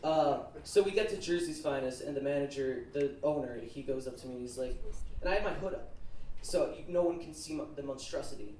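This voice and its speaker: A man's voice: mid-range voice, fairly quick, dark tone, a little hiss or hum. A teenage boy telling a rambling story on stage as a student comedian, with lots of filler words. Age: teens. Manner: nervous, rambling storytelling with many "like"s. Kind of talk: stand-up comedy set. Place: comedy club stage with laughing audience. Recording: roomy, distant club recording with crowd.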